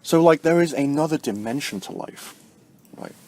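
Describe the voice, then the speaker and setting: A man vlogging about spirituality in a casual, rambling way, tagging "right?" onto his points and jumping up in pitch for emphasis. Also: animated, normal speed. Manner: rambling, heavy use of fillers like "like" and "right?"; swings sharply up in pitch and loudness to stress points. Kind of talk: casual spoken explanation to camera.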